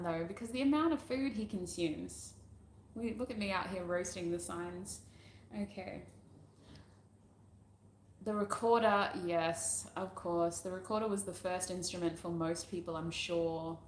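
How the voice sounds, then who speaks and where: A woman hosting a casual livestream, rambling as she answers viewer comments and laughing often. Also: mid-range voice. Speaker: tarot reader, channel host. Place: at home doing makeup. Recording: roomy echo, faint background noise.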